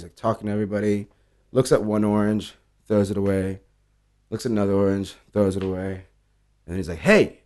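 A man with a slightly low voice tells stories in a loose, conversational way. He swears often and slips into acted-out lines from the people he is describing. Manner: animated storyteller, acts out quoted dialogue, swears freely. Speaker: bartender guest. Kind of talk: casual storytelling interview.

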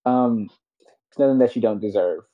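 A woman's voice: very deep voice, normal speed. A woman hosting an interview, encouraging her guest and laughing often. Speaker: podcast host. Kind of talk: casual interview. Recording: muffled, lo-fi audio.

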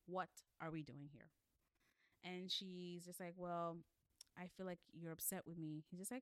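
A woman's voice: fairly low pitch, fairly even intonation, moderate pace, smooth, dry recording. A woman in a casual chat recapping a novel with her co-host, laughing often and acting out the characters' lines. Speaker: book club podcast co-host.

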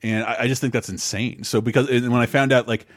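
A man's voice: medium pitch, fairly even intonation, fast talker, no room sound, clean studio sound. Guy in his 30s rambling on a podcast, swears a lot, keeps restarting sentences. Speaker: podcast co-host. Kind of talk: casual chat.

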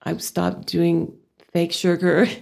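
Gravelly older Texas woman. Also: lowish voice, completely flat delivery, takes it slowly, a little mellow. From Amarillo, Texas. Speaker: guest. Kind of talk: casual interview.

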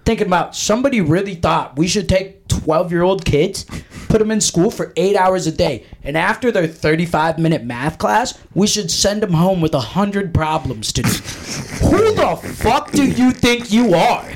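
A man co-hosting a podcast, telling stories in profane, animated, slangy banter. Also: sits high, normal speed, a little hiss or hum. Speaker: podcast co-host.

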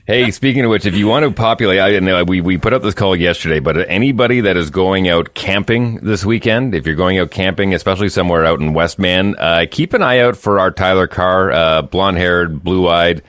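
A man hosting morning radio in a very low voice, chatting and joking with the audience. The sound is close and dry, straight from a studio mic with no room around it. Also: a little fast, hardly any pauses, fairly bright tone, dry recording. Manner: chatty, jokey, talks straight to listeners. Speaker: radio morning show host. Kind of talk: casual radio banter. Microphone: studio microphone.

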